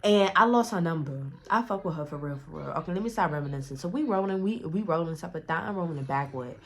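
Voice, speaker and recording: A woman's voice: lowish voice, animated, quick pace. Rambling young woman telling a storytime. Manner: rambling slangy storytelling with many restarts and quoted dialogue. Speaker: storyteller vlogger. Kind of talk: casual storytime.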